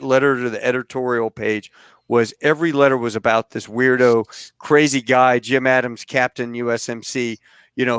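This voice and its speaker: A man in his fifties, a podcast host, telling a story in an animated, laughing way. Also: medium pitch, no room sound. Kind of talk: storytelling in casual chat.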